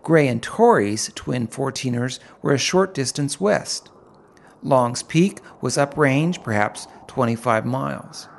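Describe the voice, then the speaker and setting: A middle-aged man reading a first-person story aloud, in an unhurried, vivid and descriptive manner. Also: mid-range voice, expressive, creaky. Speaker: narrator. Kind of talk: first-person audiobook narration.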